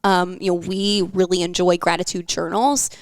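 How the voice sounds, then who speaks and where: A woman's voice: on the low side, little pitch movement, moderate pace, clear, resonant tone, no echo. A young woman hosting a wellness podcast, talking casually with lots of fillers and an encouraging tone. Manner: chatty, filler-heavy, encouraging.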